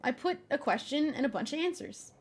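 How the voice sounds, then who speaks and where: Young woman, casual stream chatter, slightly high voice, very lively pitch, laughs often. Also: brisk. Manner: animated, exasperated, laughs often. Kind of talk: casual live-stream chat.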